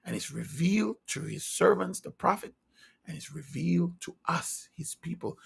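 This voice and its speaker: Delivering a sermon with fervent insistence, this man shifts from loud emphasis down to near-whispers while peppering listeners with rhetorical questions. His voice sits on the high side, expressive and creaky with a slight roughness, at a normal speed.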